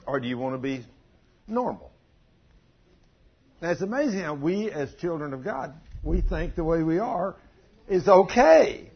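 An older man preaching a sermon, telling a folksy story in plain country grammar, with a husky voice. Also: fairly high pitch, lively intonation, a little fast, few pauses, lo-fi sound. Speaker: pastor.

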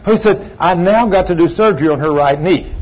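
Older preacher telling a story. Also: male voice, sits high, breathy edge. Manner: storytelling with emphatic, drawn-out phrases. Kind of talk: sermon testimony. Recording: slightly dull sound, faint background hum.

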